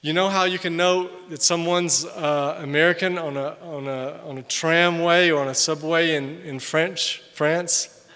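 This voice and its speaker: An older man, a missionary, giving an animated conference sermon, loud on emphasis and quiet in asides. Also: on the high side, unhurried, smooth. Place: large hall. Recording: long hall reverb from a distance.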